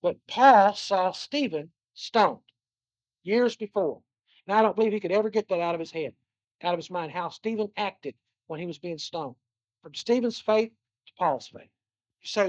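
A man preaching a sermon. He talks earnestly, repeats his phrases and slows down to stress scripture. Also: sits high, breathy edge, no room sound. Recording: dull lo-fi dry recording.

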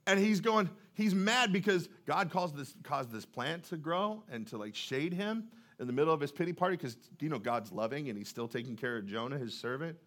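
A man's voice: fairly high pitch, animated, brisk, fairly bright tone. Conversational male pastor preaching. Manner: conversational, asks the congregation questions. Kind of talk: sermon. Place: church.

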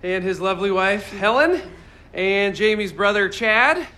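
A flustered young man from a film, stammering apologies in a slow, nervous way. His voice is high and bright. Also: lively intonation, full character voice. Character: flustered, embarrassed young man, eager to please.

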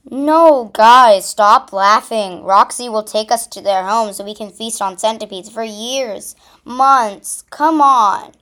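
Storybook villain: a cunning hungry crow voiced by a woman reader, slow, sly delivery. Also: medium pitch, close to an everyday voice. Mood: bossy. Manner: sly, bossy. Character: scheming hungry male crow.

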